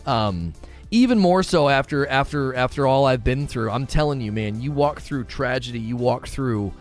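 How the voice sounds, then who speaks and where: A man's voice: mid-range voice, expressive, moderate pace, soft background music. A man chatting casually and earnestly, often repeating himself as he talks about what moves him. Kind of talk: casual chat.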